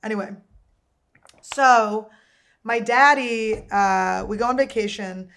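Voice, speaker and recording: A woman's voice: on the high side, slow pace, gravelly, fairly bright tone. A woman in her thirties hosting a comedy podcast, telling rambling stories in casual chat, crude and joking. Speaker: podcast host.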